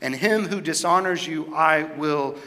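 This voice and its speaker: A pastor delivers his sermon with a bright, forward tone and a slightly high pitch for a man. He talks in a loose, conversational way and often turns questions back to his listeners. His voice carries a long reverb tail from a large church hall. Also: a little slow. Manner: conversational, asks the congregation questions.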